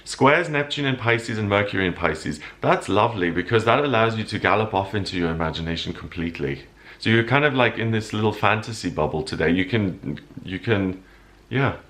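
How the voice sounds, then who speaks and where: Earnest man giving weekly horoscopes. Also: on the low side. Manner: earnest, emotional, animated. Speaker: astrologer host.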